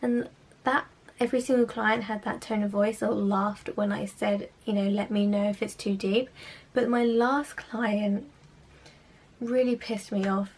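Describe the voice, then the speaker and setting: A woman's voice: mid-range voice, steady tone, unhurried, darkish tone. A young woman, a spa therapist, ranting sarcastically about clients in a casual vlog. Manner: exasperated, sarcastic storytelling.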